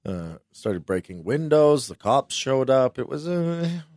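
A man's voice: medium pitch, very animated, unhurried, darkish tone, no room sound, clean studio sound. A man co-hosting a radio show, telling a rambling party story and fumbling for words. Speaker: radio co-host. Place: radio studio.

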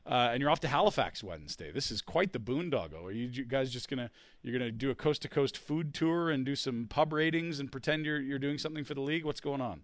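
A man's voice: mid-range voice, fast. A man hosting a sports radio interview, teasing his guest in easy banter. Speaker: radio host.

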